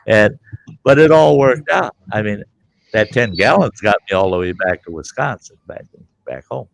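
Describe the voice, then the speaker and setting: A middle-aged man on a livestream tells wandering, colorful stories in a folksy style, acting out the dialogue. He speaks at a moderate pace in a lowish, expressive voice with vocal fry.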